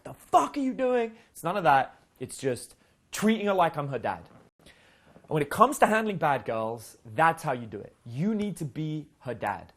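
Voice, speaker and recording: A man whose voice runs a bit high and bright speaks as a dating coach in a casual storytelling monologue. His stories are blunt and profane, and he acts out the characters' lines.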